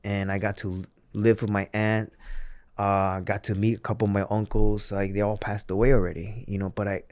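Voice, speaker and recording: A man with a lowish voice talks in a casual interview, telling his story earnestly and candidly as he often circles back and restarts his sentences. The sound is dry and close, with no room around it. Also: little pitch movement, fairly quick, darkish tone, clear, resonant tone, no room sound. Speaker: podcast guest, former pro wrestler.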